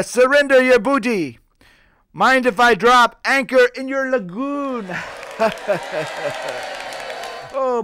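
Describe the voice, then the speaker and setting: Man doing a high-voiced bawdy pirate captain. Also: background noise. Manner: cracks puns and chuckles at his own jokes, piratey growls. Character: bawdy jolly male pirate captain telling jokes. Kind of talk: stand-up pirate character act.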